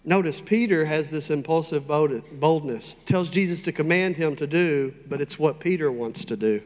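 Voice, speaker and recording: A man preaching a sermon, emphatic and deliberate, with playful asides to the congregation. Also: on the high side, long reverb tail. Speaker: pastor.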